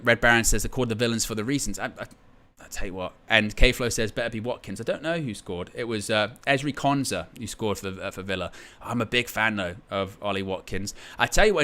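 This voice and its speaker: A man hosts a live football stream and talks casually to his chat. His voice is bright and forceful, and he rambles in a jokey, sarcastic way. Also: mid-range voice. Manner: chatty, rambling, jokey and sarcastic, often laughing.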